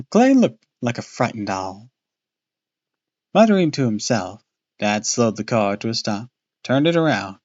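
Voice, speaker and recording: A man's voice: medium pitch, no echo, lo-fi sound. A man casually reading a children's horror book aloud on a live stream, with small slips and restarts.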